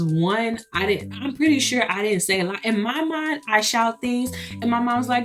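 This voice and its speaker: A woman's voice: on the high side, normal speed, soft background music. A young adult woman vlogger chatting to her viewers, laughing often and acting out what others said. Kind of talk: casual storytelling to viewers.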